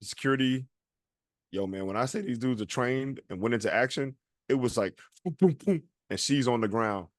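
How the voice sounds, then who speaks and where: A man's voice: medium pitch, normal speed, no echo, studio quality. A man co-hosting a podcast, telling a long story in a casual chat and acting out the people he quotes. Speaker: podcast co-host.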